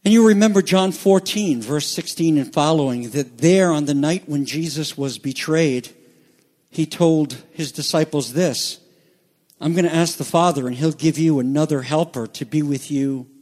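A man preaching a sermon, swinging between hushed, slow passages and rising, emphatic peaks. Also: on the high side. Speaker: pastor.

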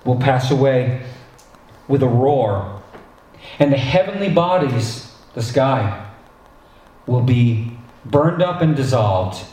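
A male pastor preaching a sermon in a conversational, animated way, with asides and restarts. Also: mid-range voice. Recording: echoey hall, distant mic.

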